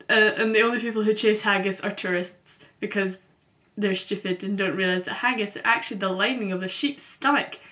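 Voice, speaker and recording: A woman's voice: mid-range voice, bright, forceful tone. Woman, mild Scottish accent, casual chatty vlogger at home, upbeat, lots of ums. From Scotland, Glasgow. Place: her bedroom at home.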